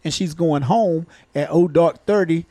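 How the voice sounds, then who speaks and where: A man's voice: a little high, a little slow, dark tone, no room sound. A man, a retired police officer turned comedian, co-hosting a podcast and telling a casual, folksy story with laid-back colloquial phrasing.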